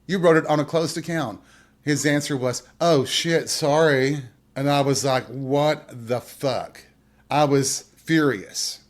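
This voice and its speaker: A man hosting a podcast, telling a personal story in a candid, wry way and swearing freely as he speaks straight to his listeners. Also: medium pitch. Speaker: podcast host.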